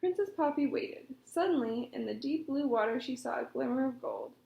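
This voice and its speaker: High-voiced woman reading a storybook. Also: normal speed, vocal fry, dull audio. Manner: expressive, animated. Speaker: storytime reader. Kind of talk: reading a children's storybook aloud. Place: library. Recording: echoey room.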